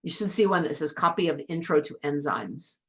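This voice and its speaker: A woman's voice: sits low, expressive, a little fast. A woman teacher walking a class through an online biology lab step by step, in a chatty, patient way.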